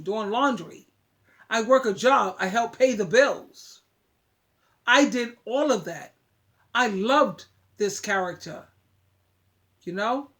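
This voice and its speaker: A woman's voice: a little high, a bit bright. A woman giving emphatic, preachy relationship advice straight to her viewers, often repeating words. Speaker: advice vlogger. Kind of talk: casual talk to camera.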